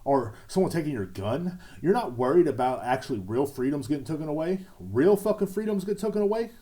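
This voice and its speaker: A man's voice: fairly high pitch, lively intonation, brisk, mellow. A young man hosting a solo podcast from home, ranting in a sarcastic, profane, mocking way. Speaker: podcast host. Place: at home, sitting indoors.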